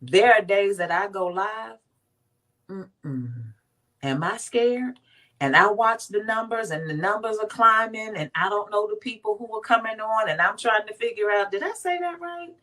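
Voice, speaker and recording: A woman from Washington, D.C. speaks in a mid-range voice, a little slowly, as a guest on a faith talk show. She tells her story with emphasis and animation, acting out the quotes.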